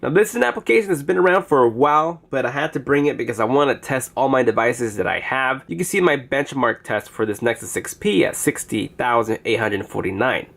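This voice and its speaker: A man's voice: mid-range voice, gravelly, a bit bright. A man casually reviewing phone apps, chatty as he demonstrates each one on screen. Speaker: app reviewer. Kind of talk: casual app review narration.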